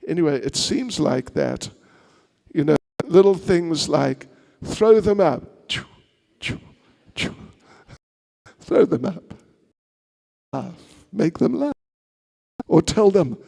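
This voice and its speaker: A man's voice: on the high side, creaky, darkish tone, long reverb tail. A man, a monk at a seminar, telling a sermon story in a playful way with chatty asides to the audience.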